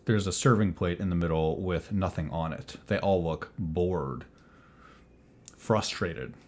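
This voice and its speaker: A man running a tabletop game as game master, narrating in a measured, descriptive way. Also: sits low, a little mellow.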